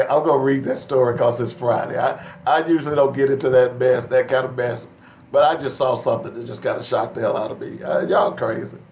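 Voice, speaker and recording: A man hosting a call-in radio show in a studio, loose and chatty, laughing often and filling pauses with "uh". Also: mid-range voice. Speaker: radio talk show host. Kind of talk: casual call-in radio talk. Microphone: studio microphone.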